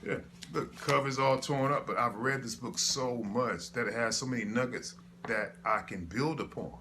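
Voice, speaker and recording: Man with a bright, forceful voice preaching casually and asking his listeners questions. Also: mid-range voice, normal speed, a little hiss or hum. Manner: preachy, conversational, rhetorical questions. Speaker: motivational speaker. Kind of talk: casual motivational sermon.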